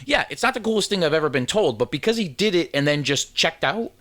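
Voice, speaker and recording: A man on a casual podcast spins a long personal anecdote. His voice is bright and forward. He circles back, restarts sentences and acts out what people said. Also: on the high side, animated, fast talker. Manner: rambling anecdote teller with frequent restarts and acted-out quotes. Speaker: podcast co-host. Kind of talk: casual storytelling chat. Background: drinking from a can while talking.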